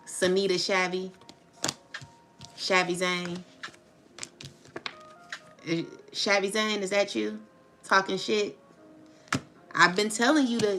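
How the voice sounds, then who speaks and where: A woman doing a casual tarot reading, taunting and laughing as she talks to her viewers. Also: mid-range voice. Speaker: tarot reader. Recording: music playing underneath. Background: music.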